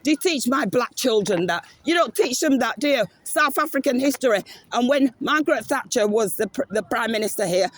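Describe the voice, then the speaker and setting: A man's voice: extremely high pitch, expressive, brisk, hardly any pauses, fairly bright tone, no echo. A man protesting outdoors in a park, filming on his phone, accusing and repeating his demands with passion. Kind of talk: live confrontation filmed on phone. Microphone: handheld phone camera.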